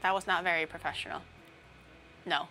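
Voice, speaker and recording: A woman's voice: lowish voice, steady tone, brisk, sharp tone, slight background noise. A young woman streaming as a VTuber, chatting casually while she bakes at home, rambling through playful tangents with lots of fillers. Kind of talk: casual livestream chat while baking.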